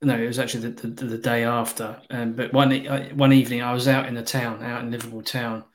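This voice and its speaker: A man's voice: medium pitch, flat delivery, fast. A British man in casual film chat, blunt and swearing freely.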